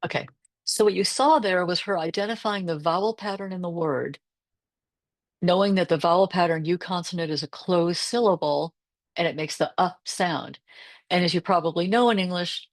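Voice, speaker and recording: A woman's voice: on the low side, moderate pace, no echo. A woman reading tutor presenting a teacher workshop over a video call, explaining her lessons and modelling phonics sounds aloud.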